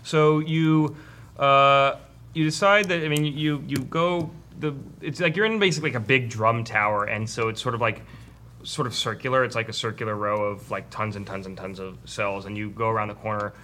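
A man narrates as game master, rambling and correcting himself mid-sentence as he sets the scene. His voice has a bright, forward tone and sits at an average pitch. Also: normal speed, slight background noise.

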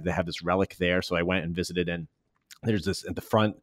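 Deep-voiced man hosting a casual chat. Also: steady tone, fast, no echo, studio quality. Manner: chatty, rambling, lots of filler words. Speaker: podcast host.

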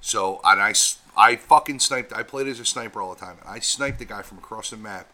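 A man's voice: lowish voice, fairly quick, pushed and bright. A man co-hosting a podcast in casual chat, swearing freely and laughing along. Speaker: podcast co-host.

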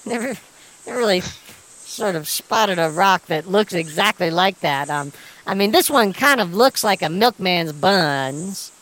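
Woman doing a deadpan son, dry questioning delivery, lively pitch, improv comedy. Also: unhurried, poor audio. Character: deadpan grown son camping with his dad.

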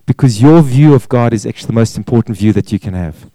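A man's voice: medium pitch, animated, fast, warm tone, no echo, poor audio. A man preaching a sermon, pressing points with repeated words and rhetorical questions. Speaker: pastor.

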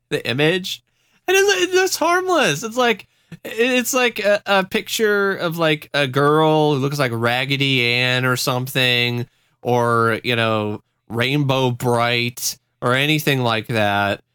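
A man's voice: medium pitch, a bit bright, smooth, no room sound, clean studio sound. A man hosting a casual podcast, telling a story in a wry, rambling way with frequent laughs. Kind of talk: casual chat.

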